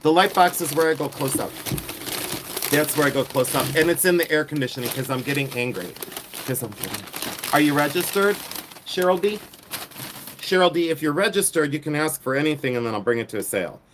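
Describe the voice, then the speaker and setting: Excitable chatty man from Ohio. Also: on the high side, fairly quick, background noise. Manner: excitable, chatty, repeats himself, teases viewers. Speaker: reseller livestream host. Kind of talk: live-stream chat showing finds. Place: outdoors in the heat.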